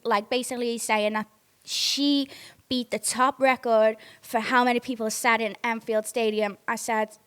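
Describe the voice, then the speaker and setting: A woman's voice: fairly high pitch, fairly even intonation, a little slow, fairly bright tone, clear, resonant tone. A young woman with a Northwest English accent, hosting a podcast and telling stories in a casual, candid way. She swears freely and keeps checking in with her listeners. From near Liverpool, England. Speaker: podcast host. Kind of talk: casual storytime chat.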